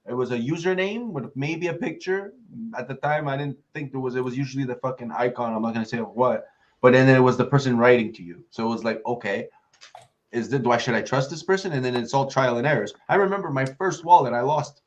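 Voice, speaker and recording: A man's voice: mid-range voice, quick pace. Man with muffled lo-fi sound, telling stories. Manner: storytelling, acts out quoted friends. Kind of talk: casual roundtable chat.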